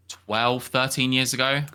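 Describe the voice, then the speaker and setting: A young man co-hosting a podcast, speaking gently and hesitantly, often repeating his words. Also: medium pitch, little pitch movement, slow, smooth. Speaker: podcast co-host. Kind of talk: casual podcast chat.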